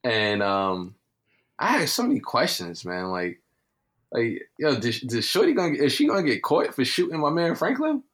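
A man co-hosting a podcast in casual, slangy chat, often pausing to search for words. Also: medium pitch, sing-song, a bit bright. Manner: slangy, hesitant, loses his words. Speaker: podcast co-host.

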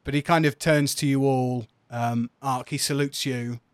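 A man's voice: mid-range voice, fairly even intonation, moderate pace, smooth, no echo. A man as game master narrating a tabletop game, describing scenery in long lists with chatty asides.

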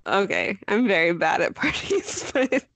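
Slow, giggly young woman co-host. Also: mid-range voice, huge pitch swings, a bit bright, no echo. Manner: laid-back, giggly. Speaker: podcast co-host. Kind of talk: casual chat.

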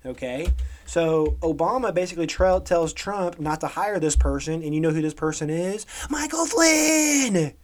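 A man's voice: a little high, moderate pace, a little mellow. A man co-hosting a podcast, ranting about current events in a sarcastic, emphatic way and often tagging on "okay?". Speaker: podcast co-host. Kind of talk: opinionated current-events rant.

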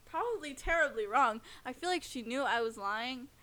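A young woman in relaxed podcast chat, her voice high and bright. Her pitch swings widely as she giggles and teases. The feel is playful and easygoing. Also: moderate pace. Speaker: podcast co-host. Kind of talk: casual chat.

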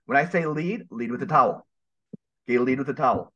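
A man's voice: medium pitch, fairly quick, sharp tone. A man speaking as a guest on a podcast, earnest and emphatic, with a preaching manner. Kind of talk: casual podcast interview. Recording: dull lo-fi sound.

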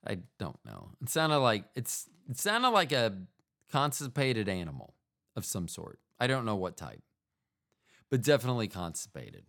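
A man's voice: lowish voice, huge pitch swings, moderate pace, vocal fry, a bit bright. A man from the United States hosting a podcast, talking in a meandering, self-mocking monologue that keeps trailing off into asides. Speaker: podcast host. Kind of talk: rambling casual monologue.

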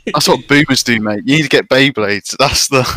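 A man's voice: mid-range voice, normal speed, pushed and bright, a little hiss or hum. A man in casual chat, throwing out teasing banter.

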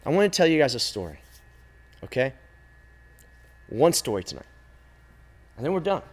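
A man preaching a sermon to a youth group, emphatic and repetitive, with dramatic pauses. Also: mid-range voice, big pitch swings, slightly rough. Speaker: youth pastor.

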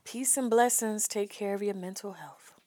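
A woman's voice: mid-range voice, normal speed, mellow, no echo. A woman co-hosting a podcast, answering with short, dry replies. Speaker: podcast co-host. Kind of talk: casual chat.

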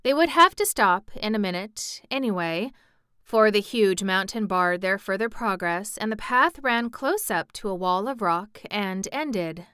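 Storybook narrator: woman, bright and crisp tone, dry close sound. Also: mid-range voice, expressive, no room sound. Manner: measured storytelling, lifts voice for quoted speech. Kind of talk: audiobook narration.

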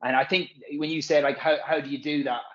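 A man's voice: a little high, fairly even intonation, quick pace, highs cut off. A man, a physio course presenter, chatting casually and frankly, rambling and swearing freely. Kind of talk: casual podcast chat.

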